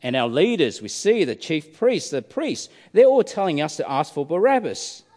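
A man's voice: fairly high pitch, sing-song, moderate pace, a little mellow. A male preacher giving a sermon, telling a story dramatically and asking many rhetorical questions. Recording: reverberant hall.

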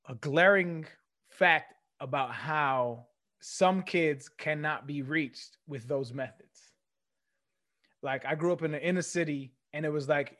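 Animated male storyteller, fairly high-pitched. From California. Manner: animated storyteller who acts out quotes. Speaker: guest, former athlete. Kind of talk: casual interview storytelling.

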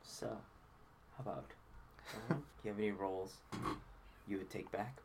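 A man's voice: sits low, moderate pace, a little mellow. A male interviewer giving short casual prompts and instructions. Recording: noisy room ambience.

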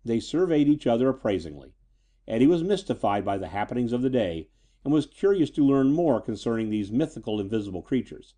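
A man narrating a scripted pulp story in an expressive, dramatic way. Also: medium pitch, a little fast.

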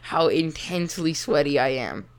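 A woman with a low voice co-hosts a chatty podcast. She jokes around and rambles, breaking into giggles as she goes. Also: expressive, moderate pace. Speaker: podcast co-host. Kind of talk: casual chat. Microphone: remote call mic.

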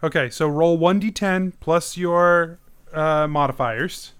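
Man, game master, smooth clear voice, slightly high, casual quick narration. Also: fairly bright tone.

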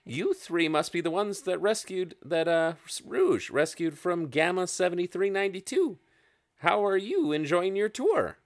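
A man's voice: high-pitched, expressive, unhurried, voice pushed up. A man doing a chirpy little owl-bear creature. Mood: chirpy welcome. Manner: polite, eager and hooting.

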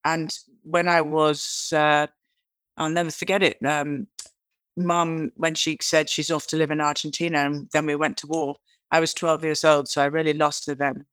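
A woman's voice: low voice, normal speed, no echo. A woman with a British accent, a guest author in an interview, telling chatty anecdotes and acting out quoted lines. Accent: British English. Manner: animated storyteller who acts out quoted lines; chatty, restarts and repeats words. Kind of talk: interview conversation.

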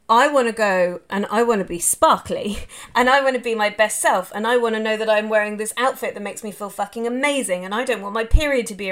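A woman with an Australian accent hosting a podcast in a casual solo monologue, speaking candidly, swearing freely and rambling in long run-on sentences, recorded live on a phone. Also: medium pitch. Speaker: podcast host. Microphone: phone, live on social media.

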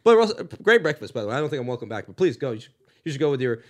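Male comic from LA, fast and lively, plays every character in his story. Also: mid-range voice. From Los Angeles. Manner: animated, acts out voices in his story. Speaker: guest comedian. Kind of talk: casual storytelling chat.

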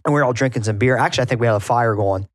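Mid-pitched man telling rambling stories. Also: very fast, no echo, clean studio sound. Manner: rambling anecdotes with restarts. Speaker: podcast co-host, gym owner. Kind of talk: casual chat.

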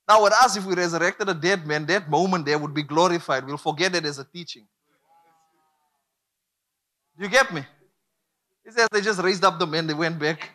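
A man's voice: high voice, a little fast, bright, forceful tone. A man preaching a sermon, emphatic and repetitive, drawing call-and-response from the congregation.

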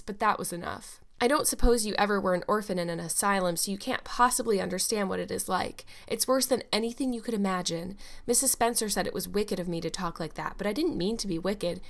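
A talkative, imaginative eleven-year-old orphan girl in a storybook, as a woman narrator puts her on. Her voice is clear and sweet, and she rambles on breathlessly, one eager thought after another, at a middling pitch. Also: close to an everyday voice.

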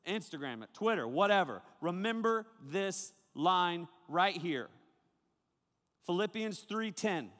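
A man preaching to a young crowd as a youth pastor, joking and animated, talking straight to his listeners. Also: high-pitched, takes it slowly, big-room sound. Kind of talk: sermon.

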